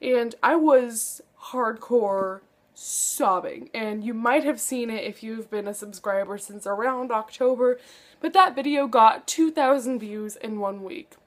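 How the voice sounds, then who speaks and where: A woman's voice: fairly high pitch, measured pace. A young woman book vlogger chatting casually to camera, gushing and dramatic, with lots of "like".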